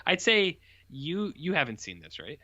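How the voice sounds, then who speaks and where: Podcast cohost guy, bright tone, a bit dull sounding lo-fi mic, rambles on. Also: fairly high pitch, moderate pace, no echo. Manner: rambling, animated retelling with put-on quotes. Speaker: podcast co-host reviewing horror films. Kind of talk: casual chat.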